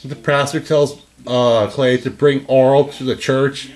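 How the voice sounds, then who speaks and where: A young man chatting casually as a co-host, excitable, laughing often and breaking into high silly voices. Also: measured pace, low-quality recording. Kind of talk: casual chat.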